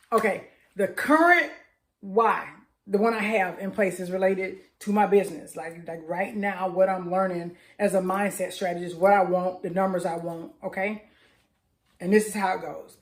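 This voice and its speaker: Energetic woman coaching with fervor. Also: mid-range voice, normal speed, roomy sound. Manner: energetic, emphatic, colloquial, repeats affirmations loudly. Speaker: mindset and manifestation coach. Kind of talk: casual motivational talk.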